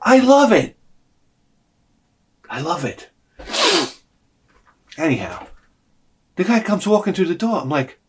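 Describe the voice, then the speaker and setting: Man vlogger, exasperated storytelling rant, very lively pitch, cursing freely. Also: unhurried, pauses often, a little hiss or hum. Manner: animated, profane, exasperated.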